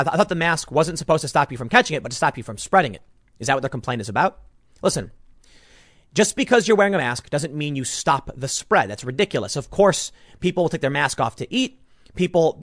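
A man's voice: fairly high pitch, big pitch swings, fast, a bit bright, no echo, studio quality. A man giving an opinionated political commentary monologue, combative and sarcastic, restarting his sentences as he argues.

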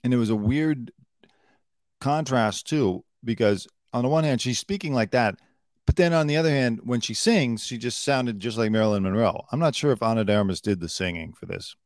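A man's voice: medium pitch, normal speed, dry recording, clean studio sound. A man hosting a live news commentary show, blunt and opinionated, swearing freely and swinging between emphatic outbursts and muttered asides. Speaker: show host.

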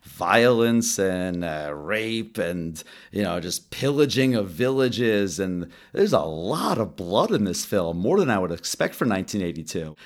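A man guesting on a film podcast, talking in a measured, academic way with frequent hesitations. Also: deep voice, big pitch swings. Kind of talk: casual film discussion.

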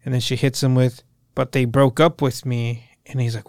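A young man co-hosting a podcast, casually recapping a show in a profane, animated way and acting out the characters' lines. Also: medium pitch, normal speed, dry recording, studio quality. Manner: profane, animated retelling with quoted voices. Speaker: podcast co-host.

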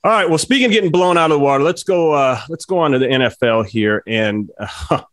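A man chatting casually on a talk show, telling a lively story and voicing the people in it, often laughing. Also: on the high side, fast, dry recording, studio quality. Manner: animated storyteller, voices his characters, laughs often. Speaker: podcast co-host, former football player.

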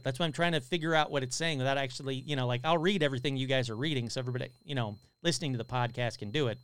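An excitable man hosts a live paranormal podcast in a casual, chatty way, reading out comments from his listeners. His voice sits fairly high and comes across smooth and resonant. The sound is dry and close, with no room echo. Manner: excitable, casual, swears a lot.

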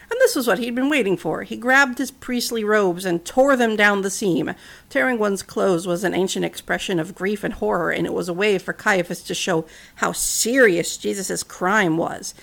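A woman in her thirties, a podcast host narrating a storybook in an earnest, gentle way. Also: medium pitch, vocal fry. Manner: earnest, gentle, conversational asides.

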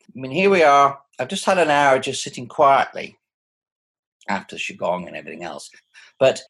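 A man in his sixties with a husky voice, speaking thoughtfully and animatedly from home over a video call. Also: mid-range voice. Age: 60s. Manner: thoughtful, animated, chuckling often. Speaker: interviewee. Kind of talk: reflective personal conversation.

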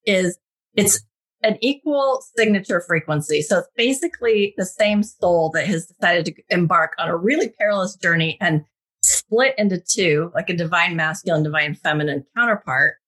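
A woman in her thirties, a guest telling a personal spiritual story in an animated, casual way. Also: on the low side, normal speed, slightly rough.

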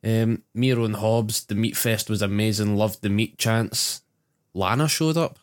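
A man's voice: on the low side, measured pace. A Scottish man co-hosting a podcast, running through recaps in sweary casual banter. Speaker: podcast co-host. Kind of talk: casual chat.

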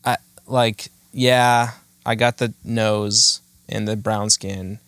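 A man's voice: lowish voice, steady tone, slow, fairly bright tone, no echo. Man, 30s, podcast host, dry close sound, rambling, self-deprecating, casual chat. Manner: rambling, self-mocking, many fillers.

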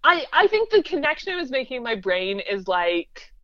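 Animated woman with a dull, dry mic sound. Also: high-pitched, no echo. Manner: animated, fast, laughs often. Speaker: podcast co-host. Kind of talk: casual chat.

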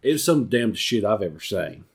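Animated, profane male storyteller. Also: normal speed. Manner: animated, profane, jumps into high voices for quotes. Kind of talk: casual storytelling.

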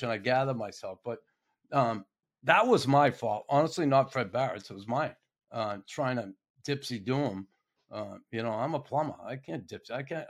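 A middle-aged man giving a casual, blunt hockey opinion monologue, folksy and swearing freely. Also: medium pitch. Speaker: hockey commentator.

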